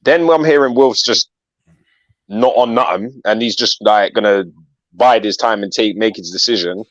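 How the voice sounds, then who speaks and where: Low man, slangy storyteller, dry dull mic. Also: normal speed, dry recording. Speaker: co-host. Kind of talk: live fan reaction chat.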